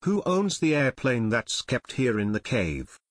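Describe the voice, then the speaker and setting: A bold teenage boy detective speaks with cool nonchalance and presses with questions, as a male narrator puts him on. The storybook voice is mid-pitched and dry. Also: big pitch swings, a little slow, no echo.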